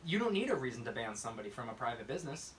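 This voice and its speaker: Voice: medium pitch, big pitch swings, rapid-fire, far from the mic, noisy background. A podcast co-host chatting casually, gossiping and acting out the voices of people in the stories. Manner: gossipy, acts out quoted voices. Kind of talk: casual chat.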